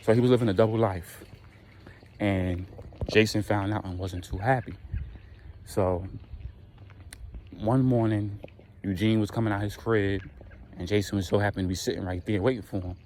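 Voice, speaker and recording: Low-voiced man telling a slangy story. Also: moderate pace, pauses often, slight background noise. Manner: slangy, animated retelling. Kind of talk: casual storytime.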